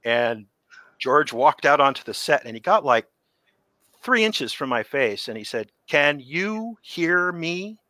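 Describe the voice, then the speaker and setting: Animated man telling suit stories. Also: medium pitch, measured pace, no echo. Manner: animated storyteller, acts out quotes. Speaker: interview guest, creature suit performer. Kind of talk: casual interview storytelling.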